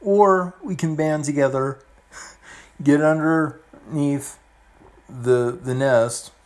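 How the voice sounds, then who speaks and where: A man in his forties talking earnestly and gently to the camera, halting often and restarting his sentences, with soft emotional laughs. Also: fairly high pitch. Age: 40s. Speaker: vlogger. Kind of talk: heartfelt personal talk to camera.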